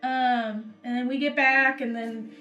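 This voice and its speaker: A woman's voice: fairly high pitch, steady tone, a little slow, pushed and bright, highs cut off. A young woman playing a tabletop game, telling a long in-character story in a rambling way full of fillers. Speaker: player. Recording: echoey room, faint background music.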